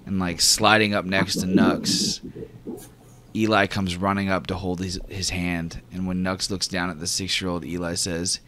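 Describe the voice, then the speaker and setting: A man runs a tabletop game as game master. He narrates in a low voice, casually, with the odd swear and filler. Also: level tone, moderate pace, bright, forceful tone, slight background noise.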